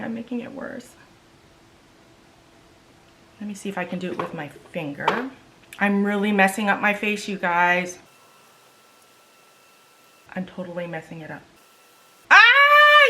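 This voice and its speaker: A woman's voice: mid-range voice, a bit bright. A woman beauty vlogger in a casual makeup try-on vlog, chatty and exasperated, talking straight to her viewers.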